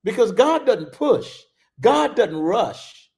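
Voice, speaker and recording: A man preaching a sermon as a bishop, animated and laughing, repeating key phrases for emphasis. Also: high voice, slow, vocal fry. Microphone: livestream.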